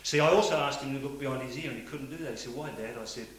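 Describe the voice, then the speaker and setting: Man, middle-aged, motivational sales speech, loud then hushed, roomy hall, tape hiss. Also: mid-range voice, racing. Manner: swings between loud preaching and quiet confiding storytelling. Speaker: motivational speaker at a sales meeting. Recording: hissy old cassette tape in a roomy hall.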